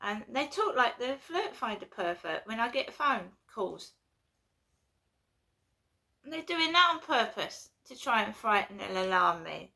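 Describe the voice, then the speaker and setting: A woman's voice: fairly high pitch, big pitch swings, measured pace, creaky, pushed and bright. A woman, ranting and swearing in a home vlog, repeating herself as she gets worked up. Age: 50s. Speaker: vlogger. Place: at home indoors.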